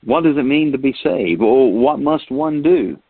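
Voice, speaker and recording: A man's voice: medium pitch, expressive, normal speed, vocal fry, husky, no echo. A man preaching a sermon, asking rhetorical questions and reading scripture aloud. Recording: tinny phone-like sound.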